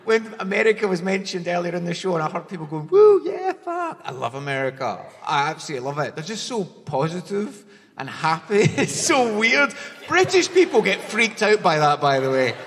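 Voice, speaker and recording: A man's voice: sits high, very animated, brisk, a bit bright. A Scottish man from Glasgow with a Glaswegian accent, performing a wry stand-up comedy set on stage. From Glasgow, Scotland. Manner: wry, punchy joke delivery. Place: large concert hall, live on stage. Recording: hall reverb, faint background noise.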